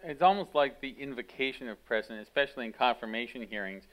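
A man moderating a public onstage conversation and taking audience questions, relaxed with wry asides. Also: medium pitch, quick pace, low-quality recording.

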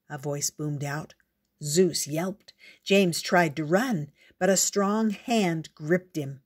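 A woman reading a picture book aloud in a gentle, unhurried storyteller's way. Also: low voice, husky.

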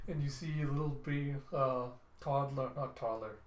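A man narrating a comic book readthrough in an animated, casual, self-correcting manner. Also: mid-range voice, moderate pace. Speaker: comic reviewer. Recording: roomy echo.

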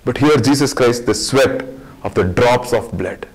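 A man's voice: medium pitch, a little slow, husky, poor audio. A man teaching a Bible study sermon in an earnest way, repeating phrases for emphasis.

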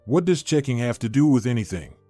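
A man voicing an anxious, guarded wealthy wife in a narrated story, read in a measured, musing way. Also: medium pitch, lively intonation, warm tone, dry recording, faint music behind, close to an everyday voice.

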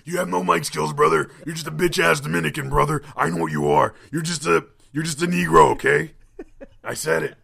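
A man putting on a rough, gravelly wrestler voice that rattles along at high speed. The bigoted figure sounds bright and pushy, hammering "brother" onto every line. It is a comedy impression sketch. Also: steady tone, fairly quick. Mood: trash-talking. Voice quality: gravelly, says "brother" constantly.

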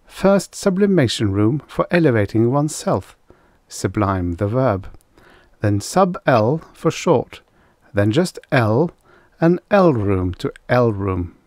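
A man's voice: mid-range voice, very animated, slow pace, darkish tone, no room sound, studio quality. A man voicing a prim, severe middle-aged female schoolteacher who speaks icily and precisely. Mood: icy, prim.

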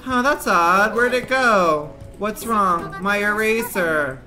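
A male streamer grumbles through a game with crude sarcasm, and his pitch swings widely from low mutters to sudden squeaks. Game music runs loudly under him. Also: lively intonation, slow pace. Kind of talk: casual let's-play commentary.

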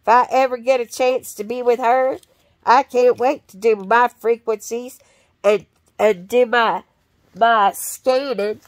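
Woman, rambling monologue, profane and blunt, slow unhurried delivery, dry close sound. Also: on the high side, fairly even intonation, no room sound.

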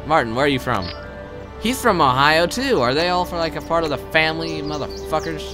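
Excitable, swearing young man commenting on gameplay. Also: on the high side, fairly quick, over music. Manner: excitable, swears a lot, jumps between loud outbursts and mumbling. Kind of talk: live game commentary.

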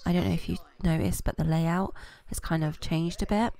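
A woman's voice: lowish voice, fairly even intonation, normal speed, creaky, dark tone. A British woman hosting a gaming channel, giving casual, rambling let's-play commentary full of fillers. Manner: chatty and rambling, with many fillers.

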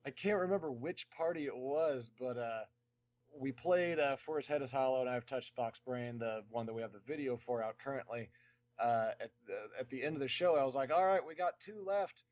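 A man who plays in a band, a guest on a podcast, talking in a casual, animated way with frequent laughs. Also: medium pitch. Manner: animated, laughing, quick asides.

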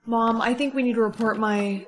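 A young woman in her teens narrating a POV storytime in a lively, sassy manner, with a text-to-speech sound. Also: fairly high pitch, moderate pace, a little hiss or hum. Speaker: narrator and main character.

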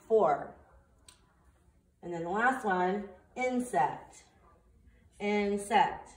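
Woman teacher talking slowly to preschoolers. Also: lowish voice, echoey room, far from the mic. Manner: slow, clear, sing-song teacher talk to small children. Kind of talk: remote circle time lesson and read-aloud.

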